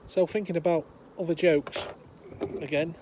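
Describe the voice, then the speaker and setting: Older guy rambling thru a joke outside, bit high voice, faint traffic noise. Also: steady tone, moderate pace. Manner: meandering, chatty, many fillers. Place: outdoors, windy.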